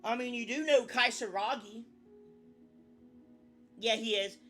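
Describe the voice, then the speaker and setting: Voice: mid-range voice, a little slow, bright, forceful tone, soft background music. A young adult VTuber chatting casually on a live stream, rambling, often restarting sentences and swearing now and then.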